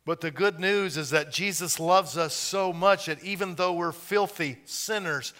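A man preaching a sermon in a folksy, joking way, building up to loud, animated emphasis. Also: fairly high pitch, measured pace, few pauses.

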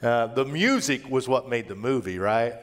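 A middle-aged man preaching a conversational sermon as a pastor, telling personal stories and moving between hushed and raised delivery. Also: medium pitch, animated, moderate pace.

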